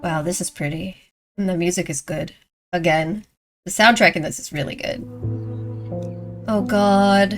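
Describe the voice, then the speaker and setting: A woman's voice: on the low side, fairly even intonation, unhurried, long pauses, music in the background. A woman hosting a movie reaction, chatting and exclaiming as she thinks aloud. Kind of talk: casual reaction commentary.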